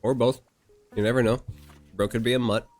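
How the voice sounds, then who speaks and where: A man streaming a game, chatting casually and cursing in surprise between joking, rambling asides. His voice sits at a middling pitch. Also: steady tone, a little fast, a little mellow, faint music behind.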